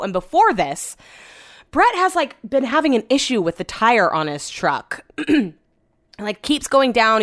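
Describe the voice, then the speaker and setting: A woman's voice: medium pitch, fairly bright tone, dry recording, studio quality. A young woman podcasting in a casual, rambling chat, retelling her day with exasperation.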